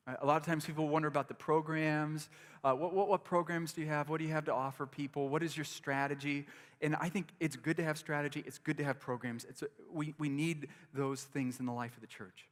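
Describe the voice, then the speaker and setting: A man's voice: on the high side, long reverb tail. A man preaching a sermon as pastor, earnest and repetitive, often restarting his phrases.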